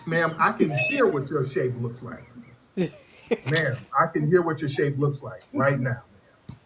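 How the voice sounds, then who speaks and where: A man's voice: fairly high pitch, a little slow, a bit bright, a little hiss or hum. A man hosting a live stream and roasting a caller, teasing her and repeating "ma'am" in a mocking way. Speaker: host.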